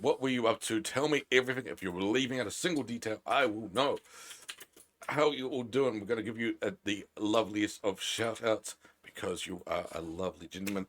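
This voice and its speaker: Man, New Zealand accent, chatty game streamer, playful and jokey, lowish voice. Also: brisk, a bit bright, slight background noise. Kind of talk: casual live-stream chat.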